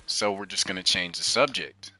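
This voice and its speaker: A man chatting with his son while they play a video game, teasing and lecturing him playfully, often dropping to a soft murmur. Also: sits low, normal speed. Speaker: dad gaming with his son. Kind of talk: casual chat while playing a video game.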